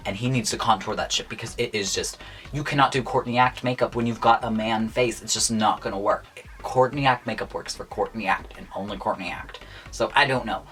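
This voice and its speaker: A man's voice: mid-range voice, bright, forceful tone. Chatty young man giving blunt opinions. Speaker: YouTuber reviewing contestants' looks. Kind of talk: casual vlog commentary.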